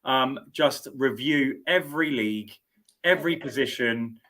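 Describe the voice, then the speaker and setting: A man's voice: medium pitch, a little slow, a bit bright. A middle-aged man hosting a sports show, chatting casually and repeating words as he thinks aloud. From United Kingdom. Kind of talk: casual studio interview chat.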